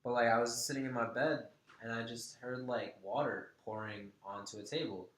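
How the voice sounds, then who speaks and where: A man's voice: medium pitch, normal speed. Young guy ranting a crazy roommate story, lots of swearing, echoey apartment room. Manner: animated, swearing, slangy. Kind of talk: casual chat.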